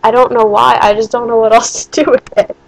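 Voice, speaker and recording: A woman's voice: a little high, flat delivery, fairly quick, vocal fry, poor audio. A young woman vlogging, telling a story in a rambling way with lots of swearing and bursts of disbelief. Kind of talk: casual storytime monologue.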